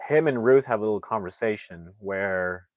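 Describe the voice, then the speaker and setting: Man, movie reviewer, casual rambling plot recap, lots of fillers, deep-ish voice, dry recording. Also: normal speed, dry recording. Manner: rambling, many fillers and restarts.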